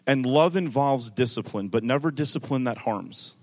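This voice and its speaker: A male pastor preaching a sermon, moving from calm teaching to rising, emphatic delivery, with conversational asides to the congregation. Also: normal speed. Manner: builds from calm teaching to loud, high-pitched preaching.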